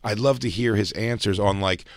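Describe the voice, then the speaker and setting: A man's voice: fairly low pitch, normal speed, no room sound, studio quality. A man co-hosting a podcast in casual comedic banter, joking, swearing and acting out quoted voices. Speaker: podcast co-host.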